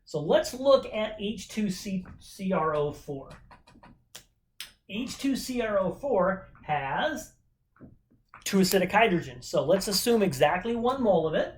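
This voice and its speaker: A man with a high, very animated voice teaches an informal recorded chemistry lesson at a measured pace, with slight background noise. He's upbeat and chatty, often checking in with rhetorical questions.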